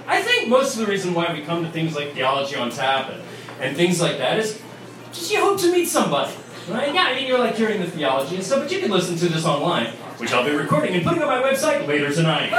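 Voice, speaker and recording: A man, a priest, giving a chatty, story-filled talk to a crowd in a pub. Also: high-pitched. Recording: echoey pub, distant mic, noise.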